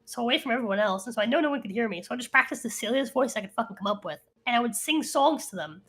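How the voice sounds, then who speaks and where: A woman's voice: a little high, lively intonation, rapid-fire, fairly bright tone, soft background music. A woman co-hosting a podcast, telling a story in a chatty way and laughing often. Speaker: podcast co-host. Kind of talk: casual chat.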